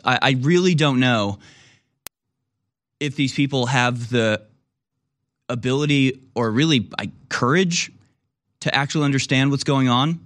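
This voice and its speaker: A man's voice: mid-range voice, fairly bright tone, no room sound, studio quality. A man hosting a talk radio show, rambling in a casual monologue and now and then acting out other people.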